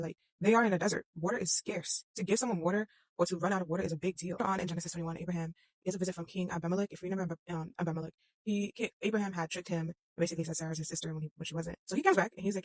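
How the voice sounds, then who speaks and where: Young adult host explaining scripture episodes, rapid-fire and conversational, slangy asides, dry close sound. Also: medium pitch, creaky, slightly rough, no room sound. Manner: chatty, slangy retelling with quoted asides. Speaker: host of a Bible-story series. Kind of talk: casual Bible story explainer.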